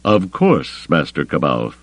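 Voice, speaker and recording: A man voicing a calm, calculating grand admiral. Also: deep voice, dry recording, heavily acted. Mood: soothing. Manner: smooth, soothing, measured.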